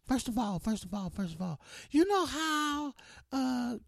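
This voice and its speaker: A man putting on a high, sultry woman's voice to muse about double standards. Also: very animated, a little slow, no room sound, studio quality, full character voice. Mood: musing. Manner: high breathy put-on voice.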